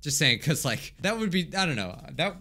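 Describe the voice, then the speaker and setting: A young man playing a visual novel on video, reading it aloud and breaking off with excitable, stammering reactions. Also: a little high, moderate pace. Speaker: gaming YouTuber. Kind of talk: let's-play commentary and reading aloud.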